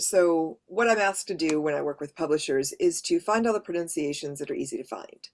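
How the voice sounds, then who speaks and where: A woman who narrates audiobooks, giving a practical workshop presentation and explaining her points with examples. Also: low-pitched. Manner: practical, explains with read-out examples, light laughs.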